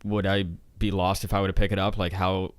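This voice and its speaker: A man co-hosting a casual podcast, asking questions in a low-key way. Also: little pitch movement, a little fast, clean tone, no echo. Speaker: podcast co-host.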